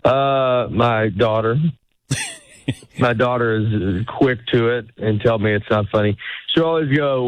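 A man's voice: mid-range voice, animated, measured pace. A middle-aged man, a stand-up comedian, chatting casually and rambling, acting out the lines he quotes. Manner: rambling, self-interrupting, acts out quoted lines. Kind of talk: casual interview chat. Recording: dull lo-fi sound.

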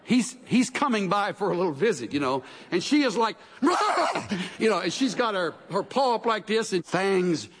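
A middle-aged man preaching a conversational sermon, an animated storyteller who acts out quotes with quick asides. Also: high-pitched, husky. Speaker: pastor. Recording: long reverb of a large hall.

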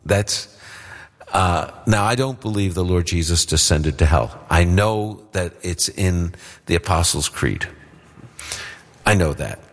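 Man, very low voice, long reverb, plainspoken Bible teacher for radio call-in Q&A. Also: animated, takes it slowly. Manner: plainspoken, explanatory, checks for understanding.

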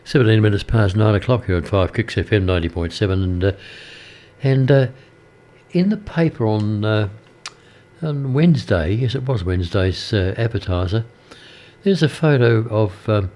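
An older Australian man presenting a community radio show, telling an anecdote in casual radio chat, rambling and hesitant with many pauses. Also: fairly low pitch, lively intonation, mellow. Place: radio studio.

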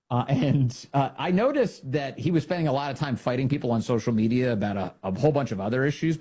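A man hosting a political commentary show, mocking a news report in a sarcastic, animated way. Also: medium pitch, slightly rough.

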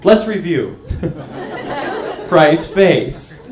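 A young man doing an animated stand-up comedy set on a club stage, acting out characters in funny voices. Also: fairly high pitch, very slow, a crowd in the background. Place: comedy club stage before a live audience. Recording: roomy live club with audience.

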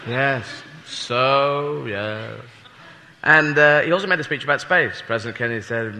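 A man's voice: mid-range voice, measured pace, bright, forceful tone. A male stand-up comedian telling a rambling, self-mocking story with sweary asides. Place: comedy club with audience. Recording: live club recording with long reverb and crowd noise.

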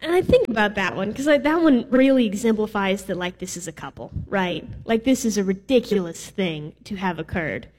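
A woman's voice: medium pitch, lively intonation, brisk, hardly any pauses, darkish tone. A woman preaching a sermon in a casual, playful way with some filler words. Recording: reverberant hall.

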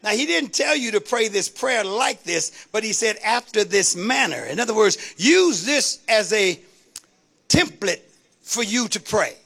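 A woman's voice: mid-range voice, animated, unhurried, fairly bright tone, husky. A woman preacher delivering a sermon in a rhythmic call-and-response style, building to rising exclamations.

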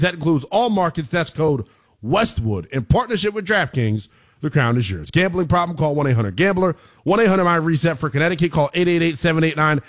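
A man hosting sports radio, reading a show promo and a betting ad with its rapid legal terms in a brisk announcer delivery. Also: fairly high pitch. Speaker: sports radio host and ad reader.

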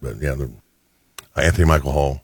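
Deep husky-voiced radio host man. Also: steady tone, brisk, no echo. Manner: chatty storyteller, quotes people in changed voices. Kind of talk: casual on-air banter.

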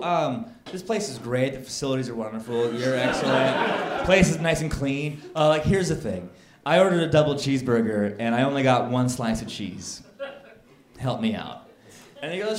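A man doing a stand-up comedy set, telling a long complaint story that builds to indignant shouting. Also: medium pitch, animated, normal speed. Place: comedy club stage. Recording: echoey club with crowd laughter. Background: audience laughing.

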